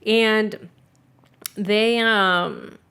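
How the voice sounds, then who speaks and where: Speaking very slowly in a clean, bright, forceful mid-range voice with steady intonation, a young woman hosts a casual podcast. She's loose and profane, says "like" constantly, and brings family anecdotes to life by acting out what people said.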